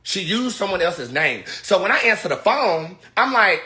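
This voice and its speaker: Woman tarot reader, blunt livestream rant, lively swooping pitch, bright tone. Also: a little fast, few pauses. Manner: blunt, cussing, emphatic.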